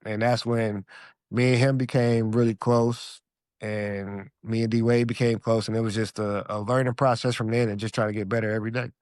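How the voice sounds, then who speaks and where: A man from Alaska, a podcast guest, telling stories in a relaxed, slangy way and acting out his own past lines. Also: lowish voice, moderate pace, dry recording, studio quality. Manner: animated storyteller who acts out his own past lines. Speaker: podcast guest, former pro basketball player. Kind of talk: casual storytelling interview.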